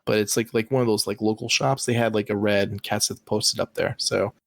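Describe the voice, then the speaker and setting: A man's voice: fairly low pitch, fairly even intonation, a little fast, creaky, dry recording. A man co-hosting a podcast in casual, rambling chat with lots of fillers. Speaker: podcast co-host. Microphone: online call recording.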